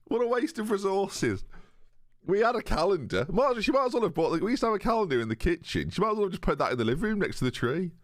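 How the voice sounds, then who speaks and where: A young man chatting away to his stream viewers. His pitch swings up and down a lot as he jokes and riffs. The sound is dry and close, with no room echo. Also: sing-song, fast. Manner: chatty, jokey, reads chat aloud. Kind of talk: casual live-stream chat with viewers.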